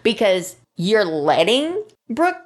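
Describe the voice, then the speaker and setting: A woman's voice: mid-range voice, big pitch swings, takes it slowly. A woman co-hosting a podcast, chatting casually and getting fired up as she acts out quotes. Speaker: podcast co-host. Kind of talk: casual chat recapping a soap opera.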